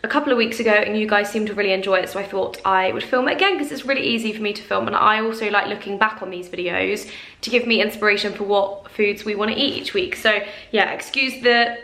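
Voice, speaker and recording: A woman's voice: medium pitch, fast, pushed and bright, reverberant. A young woman chatting casually to camera as a vlogger, rambling with plenty of fillers. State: out of breath. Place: small flat kitchen, indoors.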